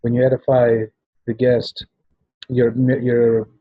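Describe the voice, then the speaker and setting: A man's voice: medium pitch, monotone, slow pace, slightly rough, narrow, tinny audio. A man giving a rambling training talk to sales agents, often restarting and checking in with "right?". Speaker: business trainer at a travel party.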